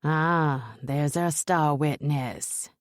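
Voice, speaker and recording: A woman's voice: sits low, steady tone, drawn-out words, no room sound, clean studio sound. A woman voicing a crude, mocking male gangster with a nasal voice in an audiobook. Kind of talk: audiobook character voice.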